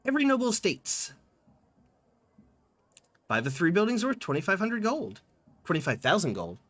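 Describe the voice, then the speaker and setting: A man's voice: high-pitched, normal speed, dry recording. A man streaming a text game, reading its dialogue aloud and chatting about it. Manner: lively, reads in-game dialogue with small voice changes.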